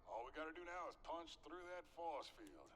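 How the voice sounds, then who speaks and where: Calm army sergeant, lively pitch, game audio, noisy. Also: male voice, moderate pace. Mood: steady. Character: male soldier sergeant, steady squad leader. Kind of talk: game dialogue.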